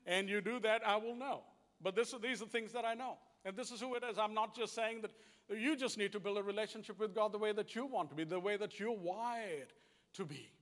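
High-voiced Kiwi preacher in a reverberant hall. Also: male voice, brisk, a bit bright. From New Zealand. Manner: earnest, repetitive, plain-spoken. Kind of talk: conversational sermon.

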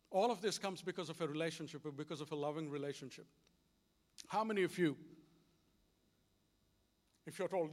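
Guy preaching a sermon, acts out the dialogue, high voice, long reverb. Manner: animated storytelling, acting out dialogue.

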